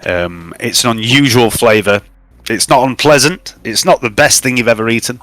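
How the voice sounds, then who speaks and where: A man's voice: mid-range voice, normal speed, dry recording. Man running a tabletop game. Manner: relaxed recap with frequent fillers. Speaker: game master.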